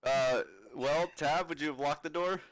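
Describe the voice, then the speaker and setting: A man running a tabletop game as dungeon master, relaxed and laughing often. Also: a little high, moderate pace, crowd noise.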